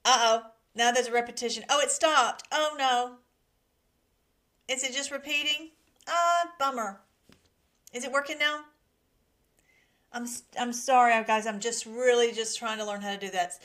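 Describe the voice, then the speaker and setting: A woman's voice: on the high side, fairly even intonation, normal speed, pauses often, a bit bright. A woman hosting a casual live stream from her laptop, emotional and giggly as she greets her chat. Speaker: livestream host. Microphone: laptop mic.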